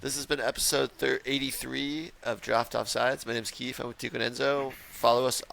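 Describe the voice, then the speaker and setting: A man hosting a casual podcast chat, relaxed and thinking aloud with fillers. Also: medium pitch, a little fast, gravelly. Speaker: podcast host.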